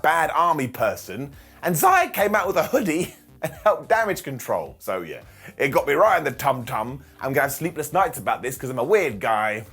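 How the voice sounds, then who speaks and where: A man in his thirties recapping a wrestling show in a sarcastic, jokey monologue full of quick mock impressions. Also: fairly high pitch, a bit bright.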